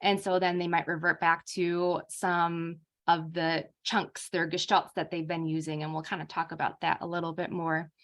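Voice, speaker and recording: A young adult woman lectures on her topic in a relaxed, conversational way, with a slightly low voice. She leans on fillers and keeps the tone informal. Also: normal speed, hardly any pauses. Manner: casual, uses many fillers like um and like. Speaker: speech therapist presenter.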